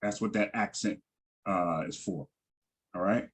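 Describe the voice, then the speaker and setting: Slow, patient man teaching a lesson. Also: on the low side. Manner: patient, repeats words slowly, frequent ums. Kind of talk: slow Hebrew vocabulary lesson.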